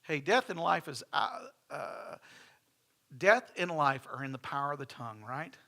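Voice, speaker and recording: A middle-aged man preaches a sermon in a church, his voice pitched high and ringing bright. He talks in a folksy, conversational way, full of restarts and asides to the congregation. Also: expressive, normal speed, vocal fry. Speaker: pastor. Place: church sanctuary.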